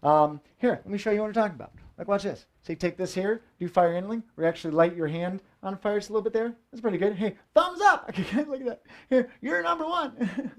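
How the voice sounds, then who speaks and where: A man with a high-pitched, slightly mellow voice talks fast with few pauses while doing fire tricks on a live stream from a room in his home. He's a hyped-up, joking showman trading playful banter with viewers.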